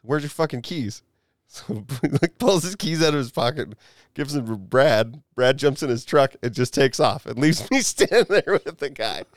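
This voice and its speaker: A male podcast host tells a story in casual chat, swearing heavily and acting out the quotes with animation. His mid-range voice moves at a moderate pace, and the clean studio recording has no echo.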